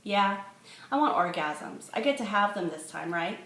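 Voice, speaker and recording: A woman voicing a tipsy young woman, giddy, loud and blunt, in an echoey room. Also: mid-range voice, animated, moderate pace.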